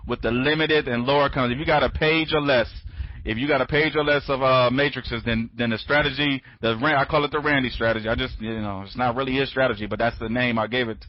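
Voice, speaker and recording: A tired man hosting a casual online training call, talking quickly, rambling and repeating himself with many restarts. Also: mid-range voice. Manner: talks fast when excited. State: sleepy, tired. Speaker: online training conference host. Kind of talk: casual live webinar talk. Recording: dry, dull lo-fi audio.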